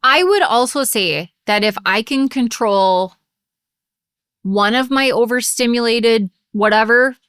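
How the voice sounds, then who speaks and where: Woman daycare podcast host, smooth voice, rambly chat, dry sound. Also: a little high, unhurried, a bit bright, no echo. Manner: rambling, trails off mid-sentence. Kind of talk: casual chat.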